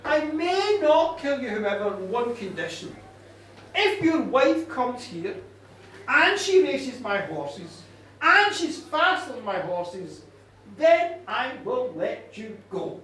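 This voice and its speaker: A proud, angry king who hands down threats slowly and with command, as a male storyteller puts him on. His pitch moves up and down a great deal. The sound carries a strong pub echo from a distance. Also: big pitch swings, a bit bright, slight background noise, full character voice. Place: pub at a live show. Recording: echoey pub room from far off.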